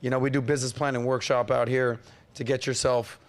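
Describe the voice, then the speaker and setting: A man hosting a podcast, energetic and playful, hyping up the audience and teasing his co-host. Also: medium pitch, a little fast. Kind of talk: hyped-up casual podcast hosting.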